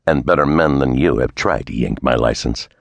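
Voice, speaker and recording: A man's voice: a bass voice, pitched below the performer's own voice. Man playing a sardonic 1930s private eye. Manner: dry, unhurried, wry. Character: cool, sardonic 1930s male private detective.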